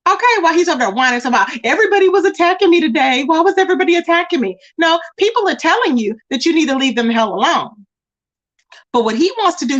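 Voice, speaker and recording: A live-stream host chats and gossips casually with her audience, repeatedly addressing the viewers in a mocking, animated manner. Her voice is high and ranges widely in pitch.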